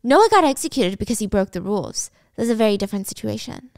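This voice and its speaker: A woman voicing a calm, fearless teenage girl who speaks in a flat, composed way. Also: medium pitch, fast, no echo, studio quality, lightly acted.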